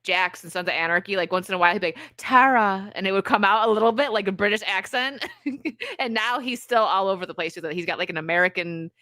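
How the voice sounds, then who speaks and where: A woman's voice: medium pitch, fast talker, pushed and bright, no room sound. A woman co-hosting a casual live stream, reading out donations and telling stories with lots of laughter. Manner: laughs often, talks through funny stories. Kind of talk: casual chat.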